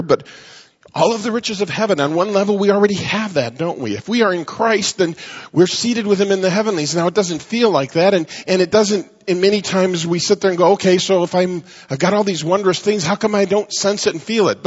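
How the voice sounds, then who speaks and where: A high-voiced pastor delivers a sermon with earnest emphasis, slowing down to stress key phrases. The recording has a long reverb and a dull, lo-fi quality.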